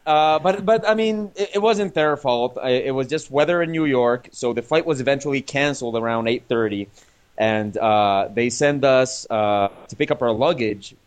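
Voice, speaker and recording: A man's voice: mid-range voice, moderate pace, smooth. A man telling a long travel anecdote in casual chat, rambling with fillers and restarts and chuckling as he goes. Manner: chuckles while talking. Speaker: comic artist telling a travel story.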